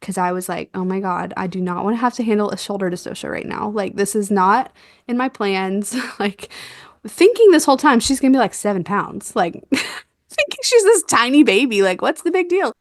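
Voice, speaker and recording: A young woman telling a birth story in a casual chat, animated and quick to laugh, acting out what was said. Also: mid-range voice, no echo, clean studio sound. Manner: animated, laughs often, acts out quotes. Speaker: guest, doula.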